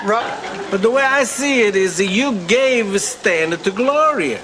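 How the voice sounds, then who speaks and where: A man acting in a sitcom with an animated, self-pitying delivery. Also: sits high, a little slow. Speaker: actor in a sitcom clip. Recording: noisy old TV audio.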